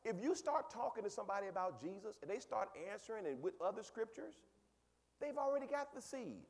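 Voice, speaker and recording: Animated high-pitched male preacher. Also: a little fast. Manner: animated preaching, swinging from low murmurs to high exclaims, repeats words; conversational, asks the congregation questions. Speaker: pastor. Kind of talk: sermon.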